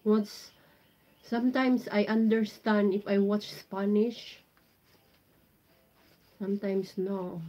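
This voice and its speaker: Slow-talking Filipino woman streamer. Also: medium pitch, flat delivery, mellow. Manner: playful, giggly, sounding out foreign phrases. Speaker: live streamer reading viewer comments. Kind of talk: casual livestream chat.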